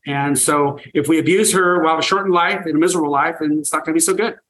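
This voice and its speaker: A little high and a bit bright, this older man's voice moves fast as he talks energetically in an interview. He's a raw milk farmer appearing as a guest, telling stories with enthusiasm and emphatic repetition. The audio is poor.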